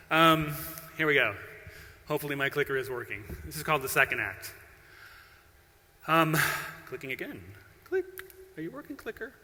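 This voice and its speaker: A man's voice: on the high side, very animated, normal speed, pauses often, bright, forceful tone. A middle-aged man giving a conference talk, playful and self-deprecating, bantering with the audience. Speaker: conference keynote speaker. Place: large conference hall. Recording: long hall reverb.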